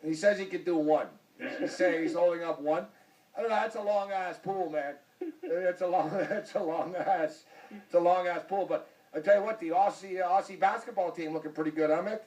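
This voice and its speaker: A man's voice: high voice, fairly quick, darkish tone, recorded from a distance, rough recording. A man hosting a sports talk show, joking and teasing his guest, often repeating himself. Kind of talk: casual sports chat.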